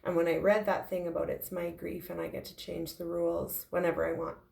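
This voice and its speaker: A tearful woman speaks in a heartfelt, halting way in a personal confessional vlog. Her voice sits low and has a gravelly edge. The recording sounds roomy and echoey. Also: little pitch movement, darkish tone. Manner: heartfelt, halting, with frequent fillers. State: tearful, emotional. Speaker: intuitive medium sharing her grief.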